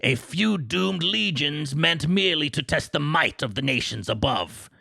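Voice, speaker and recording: A man putting on an old man's voice to read dark fantasy lore slowly and theatrically, straining his voice. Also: a little high, lively intonation, creaky, no echo, full character voice. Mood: solemn. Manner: strained, slow, theatrical delivery. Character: ancient rambling old man reading demon lore.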